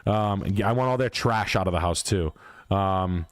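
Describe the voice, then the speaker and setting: Low-voiced guy ranting on his stream, swears a lot, pushy, dead dry audio. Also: moderate pace, clear, resonant tone, no echo. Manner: blunt, profane, emphatic. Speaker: livestream host. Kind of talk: casual livestream rant.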